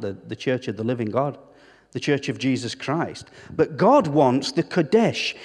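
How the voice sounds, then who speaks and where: A man's voice: mid-range voice, darkish tone, slightly rough. A man preaching a sermon as a pastor, emphatic, throwing rhetorical questions to the congregation and repeating words as he builds a point. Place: church hall. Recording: long church-hall reverb.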